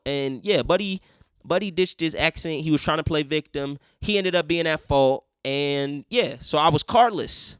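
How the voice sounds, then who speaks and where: Young man, profane casual storytelling, slightly high voice, dry close sound. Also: normal speed, clear, resonant tone, dry recording. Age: young adult. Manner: profane, animated, acts out other people in quotes. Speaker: podcast host.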